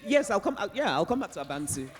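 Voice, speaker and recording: A woman, an author, answering audience questions on stage in an animated way, often laughing and restarting her sentences. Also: medium pitch, fast, heavy background noise. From Nigeria. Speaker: author guest at a book festival. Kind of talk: onstage conversation and audience Q&A.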